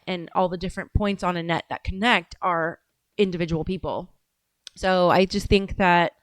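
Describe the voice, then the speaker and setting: A woman's voice: medium pitch, clean tone, dry recording. A woman hosting a casual livestream show, rambling off on tangents and swearing casually. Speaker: show host.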